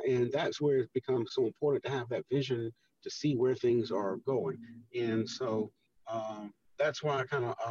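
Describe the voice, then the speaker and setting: A man speaking as a guest on a radio show, explaining earnestly with many pauses and fillers. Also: mid-range voice, darkish tone, far from the mic, muffled recording, slight background noise. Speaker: guest, housing redevelopment official. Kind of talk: radio interview talk.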